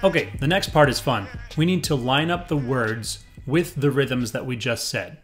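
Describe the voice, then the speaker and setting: Male music teacher, mid-range voice, patient and clear, counts in and chants rhythm syllables. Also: mid-range voice, moderate pace. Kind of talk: rhythm reading lesson.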